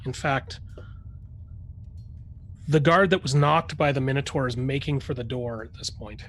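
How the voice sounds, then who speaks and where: Man narrating a tabletop game, halting. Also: medium pitch, fairly bright tone, slight background noise. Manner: halting, with many fillers and restarts. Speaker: game master.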